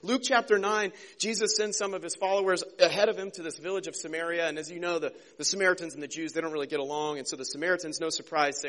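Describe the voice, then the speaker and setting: A man preaching a casual, conversational sermon as a pastor, joking and slipping into quick character voices. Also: fairly high pitch, steady tone, fairly bright tone.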